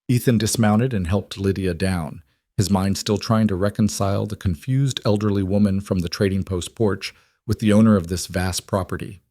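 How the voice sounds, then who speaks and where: Male audiobook narrator for a frontier tale, low, measured, dry close mic. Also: dry recording. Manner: steady, measured storytelling.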